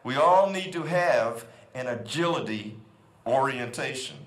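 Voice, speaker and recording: A man's voice: mid-range voice, lively intonation, measured pace. A middle-aged man giving an emphatic motivational speech at an outdoor school ceremony, repeating his key phrases. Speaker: guest convocation speaker. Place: outdoor quad. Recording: echoey outdoor PA sound.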